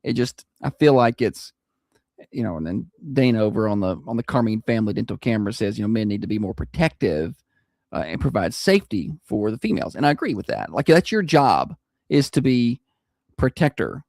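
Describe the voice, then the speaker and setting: A man's voice: lowish voice, big pitch swings, a little fast, vocal fry, darkish tone, no echo, clean studio sound. A man hosting a radio morning show, joking and teasing his co-host in casual banter.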